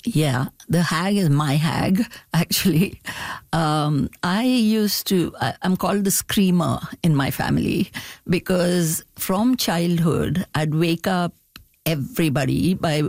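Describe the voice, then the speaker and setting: Low-voiced woman, reflective author. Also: a little mellow, dry recording, studio quality. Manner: thoughtful, unhurried, laughs often while talking. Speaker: novelist being interviewed. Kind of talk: reflective interview answers.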